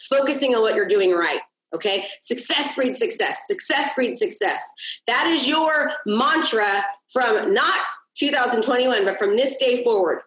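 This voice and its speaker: A woman's voice: a little high, fairly bright tone. Upbeat woman coach on an echoey call. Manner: upbeat, encouraging, repeats key points, asks "okay?". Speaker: business coach. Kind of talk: live group coaching on a video call. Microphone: video call.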